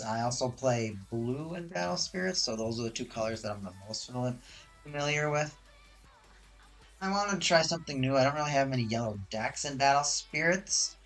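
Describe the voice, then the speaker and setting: A streamer chatting casually while opening card boxes, excitable and talkative, restarting and correcting sentences often, on a loud high-gain desk mic. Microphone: hot desk microphone with high gain.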